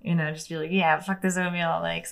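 A young woman, an interview guest, speaks in a somewhat low voice. She tells her story casually and frankly, swears freely and fills her sentences with "like". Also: level tone, a little fast, gravelly. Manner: candid, profane, heavy use of "like".

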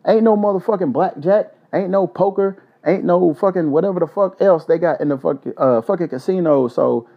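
A man's voice: high voice, moderate pace, vocal fry, few pauses, phone-quality sound. A man from Louisville, hosting a solo podcast and ranting in a loose, joking, heavily profane way. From Louisville, Kentucky. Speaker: podcast host.

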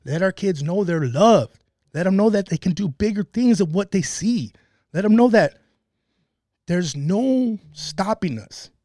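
A man's voice: high-pitched, animated, measured pace, dark tone, no echo, clean studio sound. A man in casual podcast chat, talking passionately and swearing often as he tells stories. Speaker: podcast guest.

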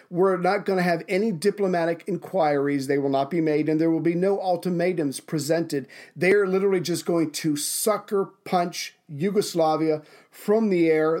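A man co-hosting a podcast, retelling history in an animated, profane, enthusiastic way. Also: on the high side. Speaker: podcast co-host. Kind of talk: casual history storytelling.

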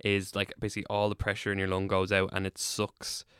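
A man's voice: low voice, completely flat delivery, brisk, a bit bright, clear, resonant tone, dry recording, studio quality. A young man with an Irish accent telling a long hospital story in casual chat, rambling, swearing freely, and laughing through it.

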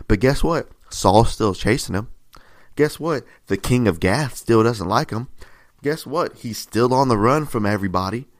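A man preaching a sermon in a conversational, repetitive way, often checking in with "right?" and rising in pitch and volume to stress a point. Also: expressive, moderate pace. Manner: rises in pitch and volume for emphasis.

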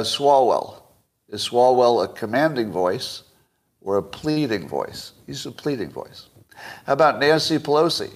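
Older man, solo livestream host, casual commentary, wry, chuckles often, quizzes listeners, mid-pitched voice. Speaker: podcast host.

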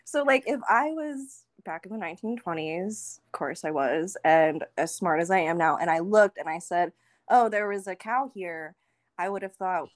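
A woman's voice: on the low side, animated, moderate pace, few pauses. A woman co-hosting a casual podcast, rambling and giggling, with lots of "like" fillers. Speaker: podcast co-host.

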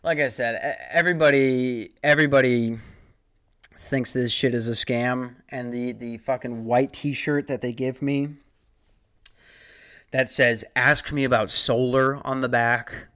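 A man's voice: medium pitch, steady tone, measured pace, a bit bright, smooth. A young man telling a rambling, profane, self-mocking story about his door-to-door sales job. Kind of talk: casual comedic storytelling monologue.

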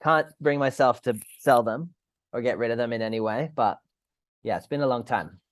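A man's voice: mid-range voice, moderate pace, no room sound, studio quality. A man with an Australian accent, a podcast guest chatting casually over a call, rambling and swearing as he restarts his sentences.

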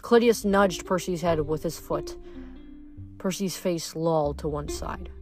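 Woman reading a novel aloud, lower voice. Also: measured pace, a little mellow, faint music behind. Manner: stumbles and self-corrects, chatty asides. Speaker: audiobook reader.

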